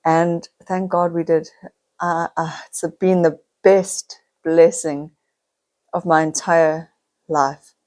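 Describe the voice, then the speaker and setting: A woman's voice: sits low, level tone, slow, darkish tone. A middle-aged woman, talking to camera in a heartfelt, confiding personal vlog, near tears at times. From South Africa. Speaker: vlogger.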